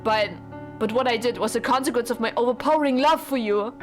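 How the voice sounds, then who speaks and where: A woman's voice: on the high side, fairly quick, pitched above the performer's own voice, lightly acted. A woman reading the lines of a lovesick, formal young husband from a visual novel, earnest and pleading, with game music behind her. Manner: formal, pleading dialogue read aloud.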